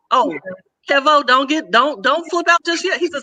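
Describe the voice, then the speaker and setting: A woman on a podcast telling a comic story in casual chat, blunt and lively, acting out the other people's lines. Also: sits high, moderate pace. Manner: animated, acts out quoted voices. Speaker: podcast co-host.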